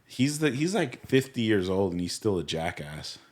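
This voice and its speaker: A man's voice: lowish voice, sing-song, normal speed, a little mellow. A man co-hosting a podcast in casual chat, slangy and swearing, laughing often. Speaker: podcast co-host.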